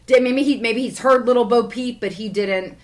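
Hesitant, slightly high-voiced female co-host. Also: moderate pace. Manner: hesitant, self-deprecating, lots of "right". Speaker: podcast co-host. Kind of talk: casual podcast chat.

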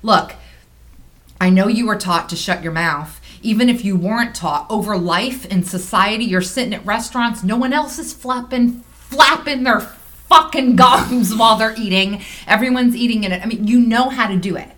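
Woman cohost on a chat show, blunt, cusses a lot, mid pitch. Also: normal speed. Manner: blunt, profane and emphatic. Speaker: podcast co-host. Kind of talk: casual chat.

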